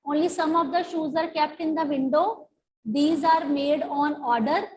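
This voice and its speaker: This high-pitched, darkish-toned female teacher works through a story in an English lesson, repeating herself as she slowly explains the meanings of words. The audio quality is poor.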